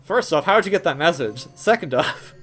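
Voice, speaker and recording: A man's voice: fairly high pitch, animated, fairly quick, fairly bright tone, soft background music. A young man hosting a gameplay video, rambling in a jokey way with lots of stammers and restarts. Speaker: gaming video host. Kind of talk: casual gameplay commentary.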